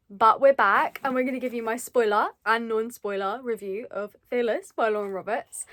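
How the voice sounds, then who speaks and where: A woman's voice: fairly high pitch, a bit bright. A young woman talking casually in a reading vlog, giggly, emotional and rambling. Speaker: book vlogger.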